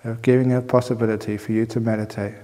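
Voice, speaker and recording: A man's voice: medium pitch, level tone, fast, dark tone, in a large hall, slight background noise. A man teaching at a meditation retreat, answering questions in a humorous, playful way and laughing often. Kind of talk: dharma talk answering questions. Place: retreat hall with long reverb.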